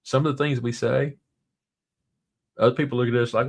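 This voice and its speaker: A man's voice: mid-range voice, lively intonation, a little fast, vocal fry, slightly rough. A man with a Southern drawl hosting a casual livestream, rambling along and reading viewer comments aloud. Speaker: livestream host.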